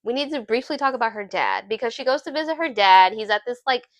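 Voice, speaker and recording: A young adult woman reviewing a film in casual chat, animated and chatty, often laughing as she retells scenes. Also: fairly high pitch, fast, dry recording. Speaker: movie reviewer.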